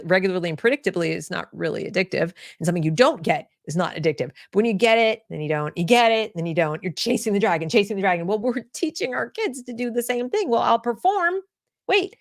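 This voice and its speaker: A woman's voice: medium pitch, animated, fast, hardly any pauses, no echo. Blunt, opinionated woman host, dry close sound. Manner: restarts and repeats herself. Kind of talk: opinion commentary.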